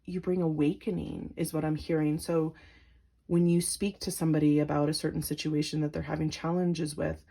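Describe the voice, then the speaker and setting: A woman doing a pick-a-card tarot reading to her viewers, gentle and emotional, with lots of filler words. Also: low voice, level tone, fairly quick. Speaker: tarot reader.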